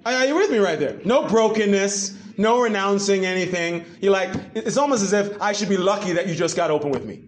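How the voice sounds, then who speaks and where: A man preaching a sermon to a church congregation, animated and full of rhetorical questions. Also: high-pitched, fairly quick, hardly any pauses, slight background noise. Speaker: pastor.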